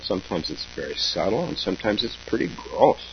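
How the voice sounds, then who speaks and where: Man, Zen teacher, very deep voice, halting reflective dharma talk, muffled lo-fi sound, faint hum. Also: sing-song. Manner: slow, halting, reflective with pauses and soft laughs. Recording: dull lo-fi recording with faint hum.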